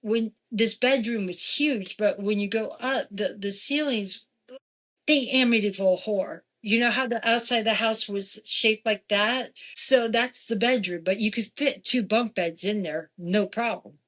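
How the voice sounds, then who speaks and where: A woman speaking at a mid-range pitch tells a personal story as a podcast guest. Her delivery is loose and conversational, with asides and restarts. She acts out quoted dialogue with real animation. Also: measured pace, fairly bright tone.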